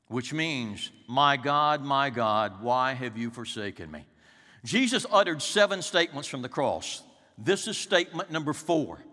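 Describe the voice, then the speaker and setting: A male pastor delivers a slow, dramatic sermon, his pitch rising and falling widely as he moves from loud peaks to hushed lows. His voice sits somewhat high and has a bright, forceful edge. A long reverb trails each phrase, as in a church sanctuary.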